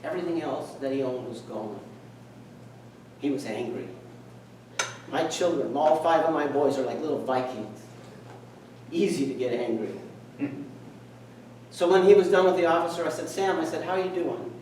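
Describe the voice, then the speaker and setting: A middle-aged man tells a personal story to a meeting in an earnest, reflective way, slipping into the voices of the people in it. His voice sits a little high for a man. He is heard from some distance in a very echoey hall, with faint room noise behind him. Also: moderate pace, long pauses, darkish tone. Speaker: speaker. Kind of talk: storytelling speech.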